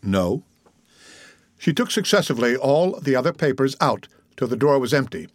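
A man reads a classic novel aloud in a measured, even way. His voice sits at a typical middle pitch. The recording is close and dry, with no room sound. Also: dry recording. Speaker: audiobook narrator. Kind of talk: scripted narration of a classic novel.

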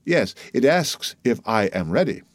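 A man's voice: medium pitch, very animated, a little slow, dry recording. A man voicing a humble middle-aged telegraph keeper who is earnest, timid and respectful, in an audiobook reading. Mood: explaining. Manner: eager, anxious, respectful.

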